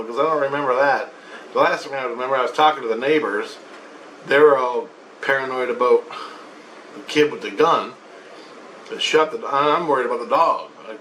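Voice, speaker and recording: A man's voice: mid-range voice, moderate pace, pauses often, a bit bright, far from the mic, a little hiss or hum, poor audio. A man telling a story about his spiritual experiences in a rambling, profane way. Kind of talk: casual storytelling monologue.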